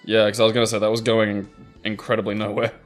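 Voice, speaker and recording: A man's voice: on the low side, monotone, fast talker, soft background music. A man co-commentating a let's play, guessing at the game aloud and cracking crude jokes.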